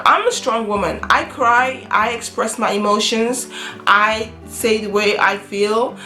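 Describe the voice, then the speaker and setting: A woman's voice: a little high, measured pace. A woman and mother talking casually to camera in an earnest way, often repeating and restarting her phrases. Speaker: vlogger, mother. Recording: echoey room with soft guitar music.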